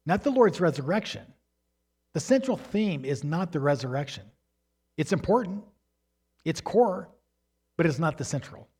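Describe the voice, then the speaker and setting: Male pastor, slightly higher voice, emphatic sermon delivery with big swings in pitch and volume, teaching from slides. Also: sing-song, moderate pace, long pauses, darkish tone, slightly rough. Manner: emphatic preaching, rising and falling in pitch and volume; refers to slides while teaching.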